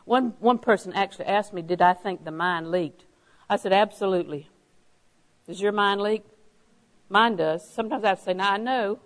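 A woman's voice: mid-range voice, moderate pace, low-quality recording. A woman preaching a sermon, stressing key phrases by repeating them and telling anecdotes with a chuckle.

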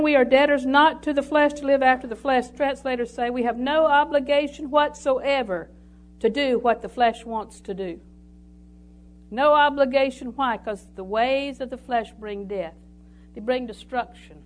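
A woman preaching a sermon, telling homely stories and reading scripture aloud. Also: high-pitched. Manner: folksy storytelling with scripture reading.

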